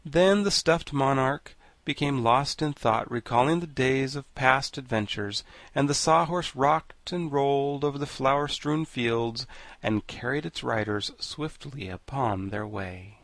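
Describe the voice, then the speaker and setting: A man reading a classic children's novel aloud as audiobook narrator, in an even, measured storytelling manner. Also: medium pitch, dry recording.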